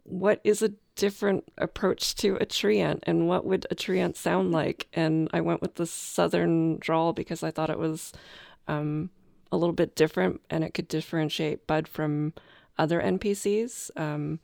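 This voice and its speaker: Gravelly low-voiced woman, casual chat. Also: steady tone, moderate pace, a little mellow, no room sound, studio quality. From Canada. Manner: hesitant, many ums, laughs often. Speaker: game master.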